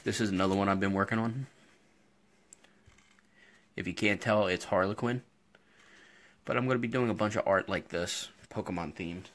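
A man's voice: on the low side, normal speed, pauses often, a bit bright, a little hiss or hum. A man hosting a casual live stream from his workshop, telling stories in a rambling, chatty way full of fillers and recorded on a phone. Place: indoor home workshop. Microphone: phone camera.

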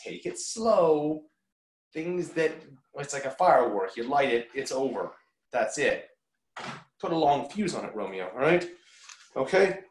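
पुरुष शिक्षक, कमरे में गूंजती आवाज़. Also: male voice, medium pitch, measured pace, roomy sound, low-quality recording. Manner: relaxed, lots of ums, joking asides. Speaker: teacher. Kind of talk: casual recorded lesson.

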